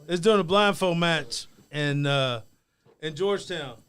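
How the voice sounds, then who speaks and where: A man's voice: on the high side, measured pace. A man, a former wrestler, laughing and swearing as he tells backstage stories in casual chat. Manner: laughing, profane storyteller. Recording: loud crowd noise behind.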